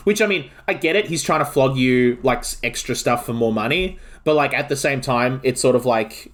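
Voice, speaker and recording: An Australian man streaming a game and chatting casually, rambling excitably with lots of filler words. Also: medium pitch, moderate pace, few pauses. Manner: rambling, excitable, heavy use of "like". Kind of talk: casual chat while streaming.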